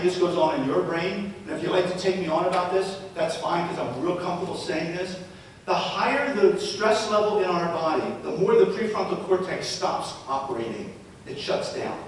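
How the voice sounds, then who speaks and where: Presenting live to parents and educators, a man tells stories and poses rhetorical questions. The recording comes from an echoey hall with a distant mic and a faint rumble.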